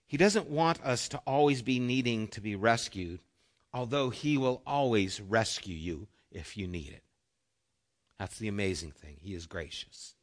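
A middle-aged man preaching a sermon as pastor, earnest and conversational, asking the room questions and letting phrases drop soft. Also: mid-range voice.

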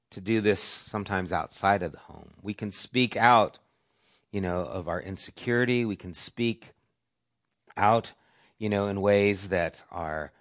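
A man with a low-set voice preaches a sermon, the kind a pastor gives to his congregation. He is middle-aged and shifts his volume a lot, pushing some phrases out strongly and dropping others almost to a whisper. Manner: varies volume, dropping to soft whispers for emphasis.

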